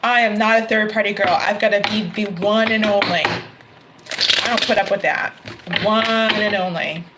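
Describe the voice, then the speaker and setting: Over very noisy audio, with cards shuffling and clicking behind her, a woman does an informal tarot reading. She's chatty, laughs often, and corrects herself mid-sentence, speaking at medium pitch with fairly even intonation and a measured pace.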